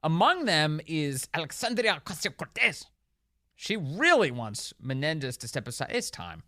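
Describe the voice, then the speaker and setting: A man's voice: a little high, sing-song, moderate pace, bright, forceful tone, no echo, studio quality. A man hosting a talk radio show, delivering opinionated commentary in a sarcastic, mocking way and laughing often.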